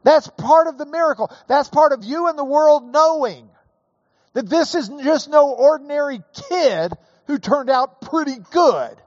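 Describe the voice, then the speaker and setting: A man preaching a sermon, slow and emphatic, building to raised emphasis on key points. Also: very high voice, expressive, no room sound, muffled recording. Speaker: pastor.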